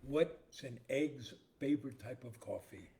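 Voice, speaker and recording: Gravelly-voiced man telling jokes. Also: medium pitch, measured pace, mellow, slight background noise. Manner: tells jokes with voiced characters, playful. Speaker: co-host. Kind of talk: casual joke-telling chat.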